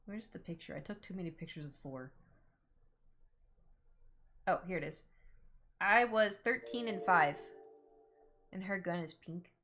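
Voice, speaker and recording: Her voice is fairly low and fairly bright, unhurried, with long pauses, and there is slight background noise. She's a young, chatty gaming streamer with a slight Southern American accent who worries about how she pronounces things.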